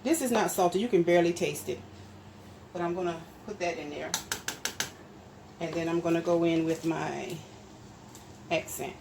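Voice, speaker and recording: A woman's voice: sits low, normal speed, vocal fry, long pauses. A woman hosting a casual cooking demonstration, chatting straight to her viewers and explaining each step as she stirs and measures. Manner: explains steps while stirring and measuring. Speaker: home cook and channel host. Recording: steady background noise.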